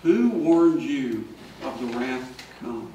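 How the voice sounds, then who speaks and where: A man, a priest, giving a sermon in a large church and telling a story, now and then calling out his characters' lines loudly. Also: medium pitch, lively intonation, takes it slowly, slight background noise. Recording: echoey church from far off.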